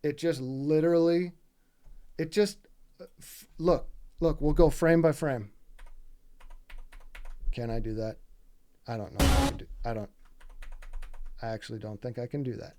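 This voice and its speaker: Mellow-voiced man, casual gaming commentary, heated and profane, keeps asking the viewer to agree. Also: a little high, unhurried, pauses often, slight background noise. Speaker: gaming video creator. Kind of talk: casual commentary over gameplay footage.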